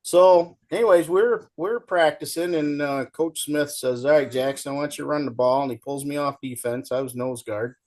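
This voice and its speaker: A man's voice: a little high, moderate pace, few pauses. A middle-aged man telling folksy stories in casual chat as a show guest, acting out the people in them. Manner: folksy, animated storyteller, acts out shouting coach.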